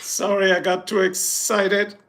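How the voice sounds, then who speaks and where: A man's voice: sits high, flat delivery, unhurried, creaky, very noisy. A man chatting casually on a live stream, boastful and joking, rambling from one thing to the next. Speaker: livestreamer.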